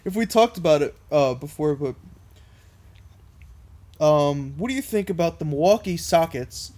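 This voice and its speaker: A man's voice: on the high side, lively intonation, moderate pace, darkish tone. A man hosting a casual podcast chat in a laid-back way, asking short questions.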